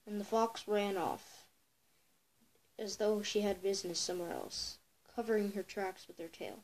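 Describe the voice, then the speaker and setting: A woman's voice: medium pitch, fairly even intonation, normal speed, darkish tone, poor audio. A girl telling a folk tale for a home video, reading with many stumbles and self-corrections. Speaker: storyteller.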